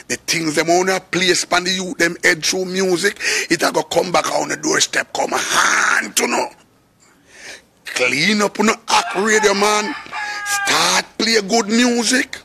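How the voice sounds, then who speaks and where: Raspy gravelly Jamaican man preaching. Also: sits high, sharp tone. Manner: preaching, urgent, slips into sung phrases. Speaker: reggae artist. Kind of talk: impassioned spoken appeal.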